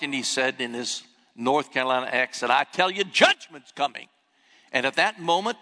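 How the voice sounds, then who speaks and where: An older man preaches from the pulpit in a bright, forceful voice, building a story with animated emphasis. His words ring out with the long echo of a church hall. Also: medium pitch. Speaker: pastor. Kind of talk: sermon. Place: church sanctuary.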